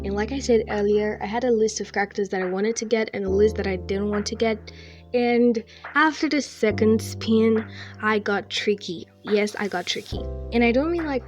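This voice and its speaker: A young woman giving a chatty, relaxed voice-over about her digital art. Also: medium pitch. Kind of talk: casual voice-over narration. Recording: faint music behind.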